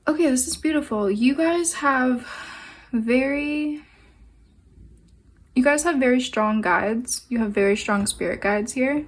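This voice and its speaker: A young adult woman giving a pick-a-card tarot reading, speaking gently and meandering with fillers and pauses. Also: high voice. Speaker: tarot and oracle card reader.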